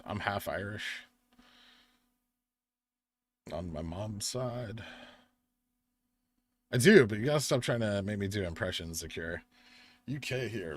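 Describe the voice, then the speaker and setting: Sounding tired, a young man from the US rambles casually through his live stream, reading both the chat and the charts. His voice is low.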